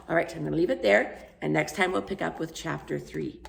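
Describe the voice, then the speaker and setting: A woman reading a children's book aloud as a storyteller, lively and expressive. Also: deep voice, fairly quick, creaky, few pauses, a little hiss or hum. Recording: roomy echo.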